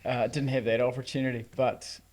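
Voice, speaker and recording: A man's voice: mid-range voice, flat delivery, fairly quick, a little mellow. A man from New Zealand, a former rugby player, answering interview questions in a wry, easygoing way.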